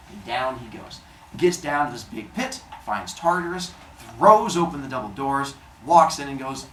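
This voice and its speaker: A man's voice: mid-range voice, animated, normal speed, roomy sound, distant mic, a little hiss or hum. Playful male teacher telling a myth. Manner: playful, jokey asides. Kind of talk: animated storytelling to a class. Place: classroom.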